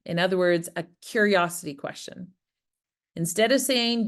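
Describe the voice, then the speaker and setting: This Prince Edward Island, Canada presenter on farmer wellbeing has a lowish voice and a moderate pace. Her interactive online workshop talk is engaging, with questions put to the audience and example phrases acted out.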